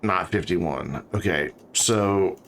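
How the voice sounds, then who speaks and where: A man's voice: sits low, takes it slowly, fairly bright tone, slight background noise. A man streaming a city-building game, chatting casually and thinking aloud as he builds. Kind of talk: casual let's-play commentary.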